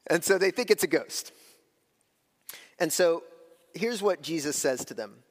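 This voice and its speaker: A man preaching a sermon as pastor, talking in a conversational way, with slow, weighty phrases broken up by quick asides. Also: a little high, lively intonation, in a large hall.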